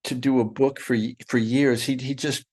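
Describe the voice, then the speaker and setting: A man's voice: mid-range voice, steady tone, normal speed, darkish tone. A middle-aged man talking as a guest in a casual interview, rambling and restarting his sentences often. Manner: rambling, with many restarts and fillers.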